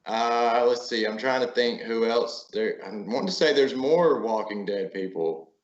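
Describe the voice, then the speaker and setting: A man's voice: medium pitch, measured pace, noisy background. A man who guides tours, chatting casually as a podcast guest. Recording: roomy, dull lo-fi audio.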